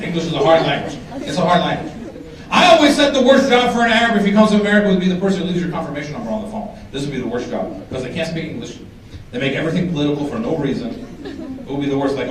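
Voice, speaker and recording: A man doing stand-up comedy, animated and teasing the audience, sometimes shouting his punchlines. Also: a little high. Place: large hall with a live audience. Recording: echoey hall, distant mic, crowd.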